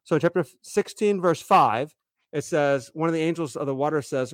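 A man's voice: fairly high pitch, lively intonation, a little fast, no room sound. Man explaining scripture, dry close sound. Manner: explains Greek text step by step, restarts often. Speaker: co-host, Bible teacher. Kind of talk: casual scholarly discussion.

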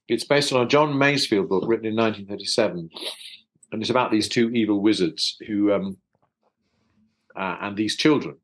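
A man's voice: fairly low pitch, rough recording. An older actor from South London chatting in an interview over a video call, hesitant and repeating his words, often chuckling. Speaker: actor guest. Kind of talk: casual interview chat.

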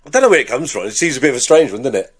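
A man's voice: mid-range voice, very animated, rapid-fire, slightly rough. An English man co-hosting a podcast, explaining slang hesitantly with many restarts. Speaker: podcast co-host. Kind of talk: casual explaining.

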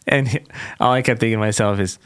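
A man's voice: on the low side, fairly even intonation, fast talker, a bit bright, clean tone, no echo, studio quality. A man co-hosting a music podcast, chatting loosely and laughing easily. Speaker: podcast co-host. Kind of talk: casual chat.

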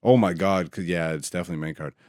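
A man co-hosting a laid-back sports podcast, cracking jokes and cursing casually as he talks. His voice is clear and smooth, recorded close and dry in a studio. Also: sits low, fast talker, darkish tone, no room sound. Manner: loose and joking, swears freely. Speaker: podcast co-host.

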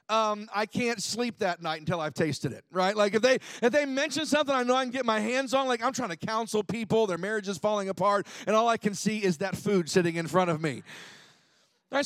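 A man, a pastor, preaching a sermon with humorous, animated storytelling and frequent laughs. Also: very high voice, no echo.

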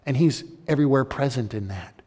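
A long hall reverb surrounds this sermon, preached by a man at medium pitch with a darkish tone and a slightly quick pace. His manner is earnest and conversational, with many restarted phrases.

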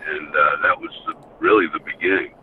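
Deep-voiced older man on a phone line. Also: fairly even intonation, brisk. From United States. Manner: rambling anecdotes with frequent "you know". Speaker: podcast guest, former hockey enforcer. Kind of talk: casual storytelling. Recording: tinny phone line with faint hiss.

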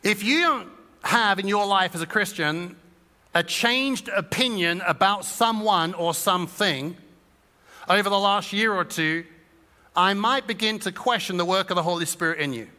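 A pastor preaches in a church, and his voice sits fairly high for a man and rings bright. He talks to the room in a chatty, joking way, slipping into quick imitations of what listeners might think. The sermon carries a long hall reverb. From England. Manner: conversational and humorous, acting out little voices of listeners. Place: church auditorium.

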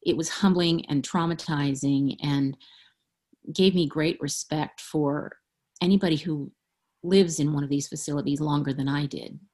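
A woman's voice: sits low, steady tone, normal speed, a little mellow. A middle-aged woman, an author being interviewed, speaking candidly and frankly and laughing often. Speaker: author guest. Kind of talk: interview conversation.

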